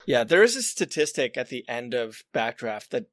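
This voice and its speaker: A man's voice: medium pitch, very animated, normal speed, fairly bright tone, dry recording, studio quality. A man co-hosting a podcast, teasing his guest and joking in casual chat. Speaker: podcast co-host.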